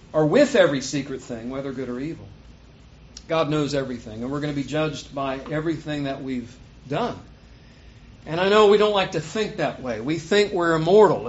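A male pastor giving a sermon with a slightly high-pitched voice. He talks earnestly and builds to emphatic peaks on scripture verses. The recording sounds dull and lo-fi.

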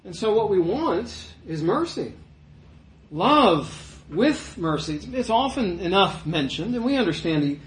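A man's voice: high-pitched, big pitch swings, a little slow, reverberant, low-quality recording. A male pastor preaching a sermon in a conversational way, rising to emphatic peaks.

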